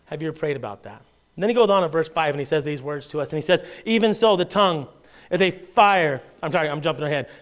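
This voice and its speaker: A pastor preaching to his congregation, a man with a high, smooth and resonant voice. He keeps it conversational and joking, throwing out rhetorical questions, then slows into a measured tone to read scripture aloud. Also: lively intonation. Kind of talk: sermon.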